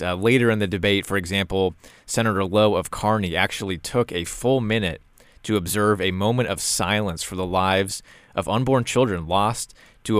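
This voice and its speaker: A man hosts a talk show in a low, smooth and clear voice. He speaks casually and breaks his flow with frequent "uh" fillers and repeated words. The sound is dry and close, with almost no room echo. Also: a bit bright. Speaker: podcast host. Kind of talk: casual commentary.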